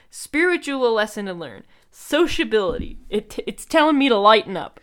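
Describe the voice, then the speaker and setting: A woman's voice: a little high, very animated, moderate pace, fairly bright tone. A young woman reads aloud in casual conversation with a friend. She drops wry asides between the lines and giggles now and then. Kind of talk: casual chat, reading aloud.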